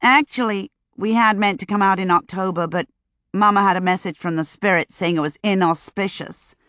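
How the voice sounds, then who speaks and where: A woman's voice: mid-range voice, normal speed, fairly bright tone, dry recording, natural voice. A woman voicing a chatty, brash young American flapper from Chicago in an audiobook, eager and gushing. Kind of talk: audiobook character voice.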